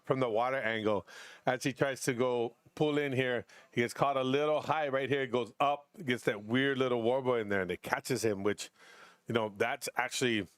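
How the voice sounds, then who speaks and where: A middle-aged man calls a surf contest in a relaxed, chatty way. He tells stories with lots of life and jumps up in pitch to act out his friends. His voice sounds dry and close, with no room around it. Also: moderate pace, clear, resonant tone, no echo. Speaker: surf commentator. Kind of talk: casual live surf commentary and storytelling.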